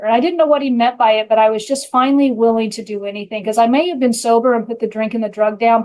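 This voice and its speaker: A middle-aged woman with a fairly high voice tells her own story of recovery. She talks bluntly and frankly, with earthy language, in a candid, personal way. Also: a little mellow, rough recording. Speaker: podcast host and recovery coach.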